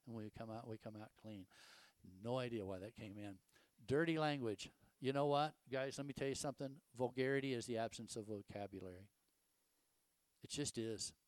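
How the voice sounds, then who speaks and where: A man's voice: mid-range voice, dry recording. An older man, preaching a casual, folksy sermon full of rhetorical questions and stories. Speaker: pastor.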